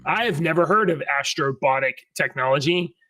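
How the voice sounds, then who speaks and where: A man co-hosts a podcast in easygoing chat and reads news items aloud, often clearing his throat. His voice sits fairly high. The sound is dry and a little distant from the mic. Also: expressive, a little fast, sharp tone, dry recording. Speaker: podcast co-host.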